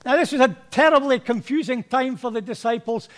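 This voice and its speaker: A man's voice: very high voice, a little fast, a bit bright. A man preaching a sermon to his congregation in a chatty, conversational way. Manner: conversational, anecdotal, acts out quotes. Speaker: pastor.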